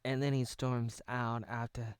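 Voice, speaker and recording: A man's voice: medium pitch, flat delivery, unhurried, clear, resonant tone, no room sound. Rambling American man riffing on a show. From United States. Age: 30s. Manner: rambling, self-correcting, jokey. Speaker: video commentator. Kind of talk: casual parody commentary over a show.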